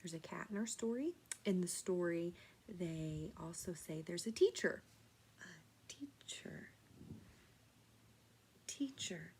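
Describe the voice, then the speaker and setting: A woman teaching a children's sign language lesson, speaking gently and patiently and explaining each step. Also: mid-range voice, a little hiss or hum.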